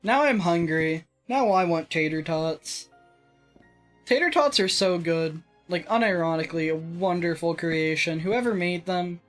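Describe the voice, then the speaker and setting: Woman from Texas, lower voice, rambling and self-mocking let's play host. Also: animated, measured pace, faint music behind. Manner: rambling, self-mocking and jokey, with some swearing. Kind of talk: casual gaming commentary.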